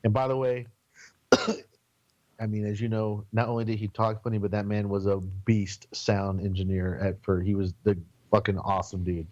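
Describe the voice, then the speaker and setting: A man's voice: fairly low pitch, flat delivery, normal speed, darkish tone, muffled recording. Rambling man telling tour stories. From San Antonio, Texas. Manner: rambling, swearing, acts out quoted voices. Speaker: podcast guest. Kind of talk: casual storytelling.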